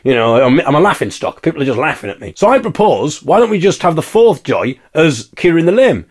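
A man's voice: fairly high pitch, big pitch swings, fast, hardly any pauses. A man from England hosting a podcast, delivering a wry, mock-indignant comic monologue and singing snatches of carols. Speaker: podcast host.

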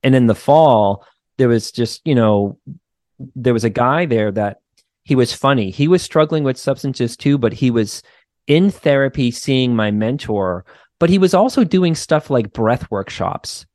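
A man's voice: mid-range voice, unhurried, dry recording. Man with a faint Boston accent, dry sound. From Boston area, United States. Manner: animated storyteller, many "like" and "you know" fillers. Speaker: guest therapist. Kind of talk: casual podcast conversation.

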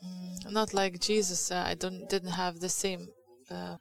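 A woman preaches in English with a Lithuanian accent. Her voice sits low and gravelly, with a fairly flat melody. She speaks candidly and confessionally, pausing and restarting as she goes. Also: rough recording. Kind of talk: sermon.

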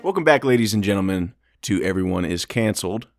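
A man hosting a podcast, reading a brisk, dramatic topic intro between casual chat. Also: fairly low pitch, animated, faint music behind. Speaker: podcast host.

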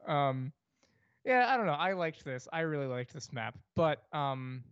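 A man's voice: on the high side, lively intonation, a little slow, fairly bright tone, smooth, dry recording. A young man from New York State co-hosting a casual podcast chat, rambling with many fillers and restarts. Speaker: podcast co-host. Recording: dry, dull lo-fi podcast mic.

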